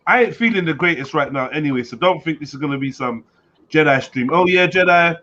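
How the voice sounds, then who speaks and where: A man's voice: fairly high pitch, fast talker. A man hosting a live stream chat, joking around and bantering with guests. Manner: joking, banter-heavy, mimics voices loudly. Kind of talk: casual chat. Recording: dull lo-fi stream audio with faint noise.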